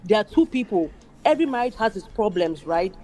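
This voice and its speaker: A woman talking in a casual chat, forceful and emphatic, slipping into other people's voices as she argues. Her delivery is animated and insistent. Her voice sits at a medium pitch. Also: a little fast. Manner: emphatic, acts out quoted people.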